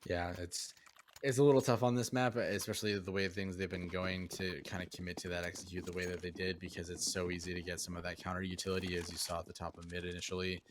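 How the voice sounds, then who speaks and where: A man breaking down a live esports match as color commentator, his voice very low and flat, with little rise and fall. He talks in a measured way, leaning on filler uhs, over a clear background hiss.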